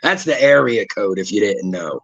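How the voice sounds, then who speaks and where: A man's voice: fairly low pitch, expressive, moderate pace, creaky, dull audio, a crowd in the background. A man hosting a casual podcast, joking and swearing as he argues about music. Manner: profane, joking, argumentative. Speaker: podcast host. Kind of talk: casual banter.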